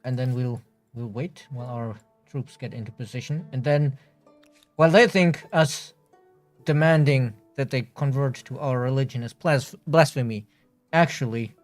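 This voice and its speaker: A man's voice: medium pitch, normal speed, faint music behind. Hesitant man planning moves on a stream. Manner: hesitant, strategizing, many fillers. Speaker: livestream co-host. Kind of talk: casual gaming stream chat.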